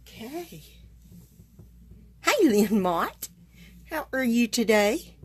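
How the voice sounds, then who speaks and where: A woman's voice: fairly high pitch, very animated, drawn-out words, husky. A woman hosting a casual live stream, chatting to viewers and greeting them by name, a little tired, with plenty of fillers and small laughs. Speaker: card-making demonstrator hosting a live stream.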